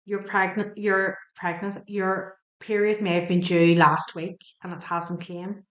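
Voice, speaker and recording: Female tarot reader, slow and talkative, openly emotional, recorded in an echoey room. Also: medium pitch, flat delivery. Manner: chatty and emotional, asking the cards questions aloud. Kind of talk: spoken tarot card reading.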